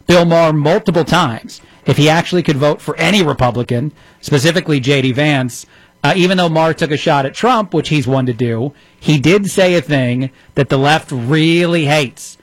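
A man runs a political commentary show, sarcastic and mocking as he reacts to clips. His voice sits a little high. The sound is dry and close. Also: moderate pace, no room sound, rough recording.

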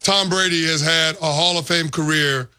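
A man's voice: a little high, fairly even intonation, moderate pace, sharp tone. A man co-hosting a sports talk show, making emphatic points and building arguments through repetition.

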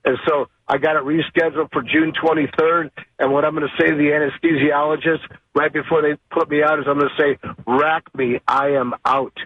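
A man's voice: on the high side, flat delivery, fairly quick, slight background noise. A man calling in to a radio show, chatty as he tells his story. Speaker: caller. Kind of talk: call-in complaint. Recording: dull lo-fi phone line.

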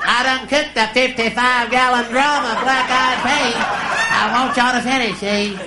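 A man's voice: very high-pitched, fairly even intonation, background noise. A man putting on a pushy old aunt. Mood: insistent. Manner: drawling, slow, pushy hostess. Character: insistent older Southern woman who cooked all day. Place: comedy stage before a live audience. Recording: echoey live stage with crowd laughter.

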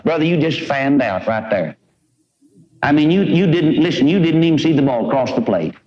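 A man's voice: fairly high pitch, expressive, quick pace, darkish tone. Guy preaching, folksy and emphatic, muffled old tape sound. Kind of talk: sermon. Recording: dull lo-fi old tape recording.

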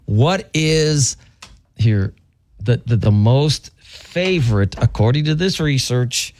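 A man's voice: medium pitch, lively intonation, slow pace, darkish tone. A man hosting a radio show, quizzing his co-hosts in a playful, teasing way. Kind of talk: casual radio banter. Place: radio studio.

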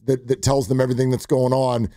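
A man hosts a sports talk radio show and tells animated stories full of quoted asides. His voice sits at a medium pitch and sounds close and dry on a studio microphone. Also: fast, dry recording.

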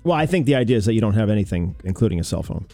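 A man's voice: on the low side, very animated, rapid-fire, mellow, no echo, faint music behind. Chatty male radio host, dry studio sound. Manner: chatty, laughs easily, trails off and restarts. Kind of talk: casual studio chat.

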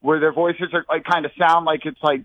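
A young man phoning in to a talk show, out of breath and rambling from one thing to the next. His voice is fairly high for a man, and the recording is dry and close. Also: fairly even intonation, fairly quick, dry recording, muffled recording. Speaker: regular caller. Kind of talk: rambling phone-in call.

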